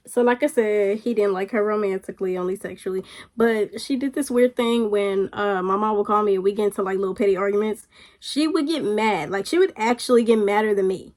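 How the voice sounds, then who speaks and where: A young woman casually telling a storytime with slangy, animated chat, acting out what others said. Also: a little fast, soft background music. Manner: animated, acts out quoted voices with big pitch jumps. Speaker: storytime vlogger.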